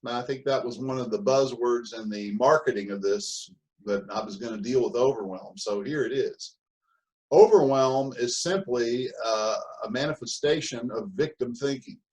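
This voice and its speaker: A man's voice: mid-range voice, normal speed, a little mellow, rough recording. Emphatic male motivational speaker. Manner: emphatic, punchy repetition, acts out whiny victim voices. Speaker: mentor and speaker. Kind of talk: motivational seminar talk.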